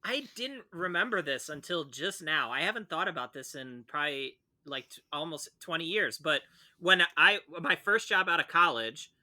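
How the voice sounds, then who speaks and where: A man in his forties with a very bright, forward voice pitched a little high. He rambles easily through an old memory on a casual podcast and laughs often. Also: lively intonation, normal speed. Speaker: podcast co-host. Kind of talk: casual chat.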